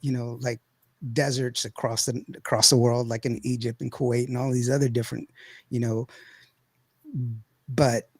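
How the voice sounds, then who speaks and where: A man, hosting a podcast and telling a long, rambling, animated story full of laughter and acted-out quotes. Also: medium pitch, moderate pace, no echo. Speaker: podcast host. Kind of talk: casual storytelling chat.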